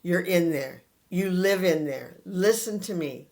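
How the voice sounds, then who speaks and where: A man giving a spiritual talk to an audience. He speaks to the listeners directly and earnestly, pausing between short phrases and repeating his key points. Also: high-pitched, animated. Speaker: spiritual teacher.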